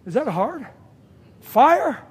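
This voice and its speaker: A man preaching a sermon, emphatic and repeating phrases for stress, with sudden loud bursts. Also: extremely high pitch, big pitch swings, drawn-out words, husky.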